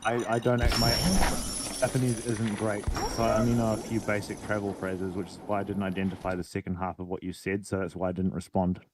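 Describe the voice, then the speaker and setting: Man, mid-pitched, playful, laughs a lot, casual gaming chat, steady background noise. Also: a little fast.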